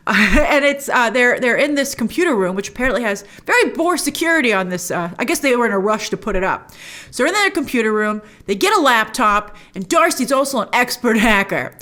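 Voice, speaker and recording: A woman hosting a show, recapping and reacting to a TV episode in casual chat, animated, slipping into quoted character voices. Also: a little high, fairly quick. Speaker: host reviewing a TV episode.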